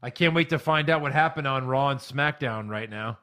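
A man's voice: mid-range voice, a little fast, pushed and bright. A man co-hosting a casual podcast, playful and giving exaggerated reactions. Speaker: podcast co-host. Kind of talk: casual chat.

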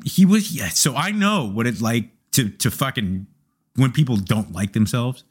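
A young man hosts a loose question-and-answer session, reading viewer questions aloud and answering them candidly. His speech is profane and jokey, with a middle-pitched voice that rises and falls in lively swings. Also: a little slow, husky. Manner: candid, profane, animated and joking. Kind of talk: casual live Q&A chat.

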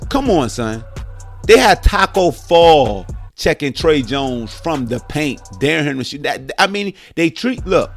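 A man hosting a sports podcast, talking in an animated, slangy monologue with loud and soft swings, faint music behind him. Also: fairly high pitch, measured pace. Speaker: podcast host.

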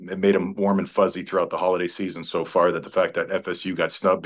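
A man's voice: sits low, a bit bright. A man in his forties, a former college football player, telling rambling, profane stories with frequent restarts in casual sports talk. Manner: rambling storyteller, stumbles and restarts, swears freely.

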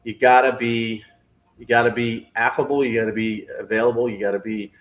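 A man's voice: medium pitch, little pitch movement, a little fast. A man giving blunt, opinionated college football analysis in casual talk, with plenty of fillers. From New England.

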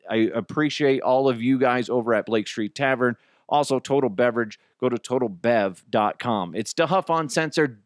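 Clean studio audio without echo captures a mid-range male voice. He's the host of his own podcast, riffing crudely and casually in a solo rant packed with gags, lively storytelling, and silly character voices.

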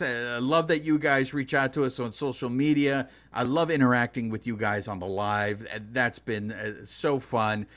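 A man co-hosting a sports podcast in casual chat, animated and often laughing. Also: medium pitch. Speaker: podcast co-host.

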